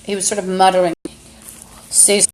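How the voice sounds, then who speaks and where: Slow, halting woman on a phone stream. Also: medium pitch, a little hiss or hum, rough recording. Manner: halting, with many fillers and trailing-off phrases; angry, insulting outbursts. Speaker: live-stream host. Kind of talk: rambling live-stream monologue. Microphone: phone camera.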